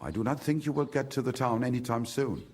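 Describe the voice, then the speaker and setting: An actor playing a grumbling middle-aged village trader in a video game, with a German accent, wary of outsiders. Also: male voice, medium pitch, fast, darkish tone, close to an everyday voice. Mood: gruff.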